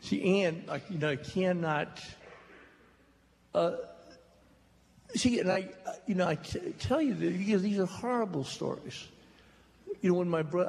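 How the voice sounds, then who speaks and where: An older man telling stories slowly and jokingly to a live audience in a hall. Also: on the high side, vocal fry, a little mellow. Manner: slow, drawling, joking storyteller. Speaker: author on a talk stage. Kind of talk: storytelling at a public talk. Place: large hall before an audience. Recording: reverberant hall with faint noise.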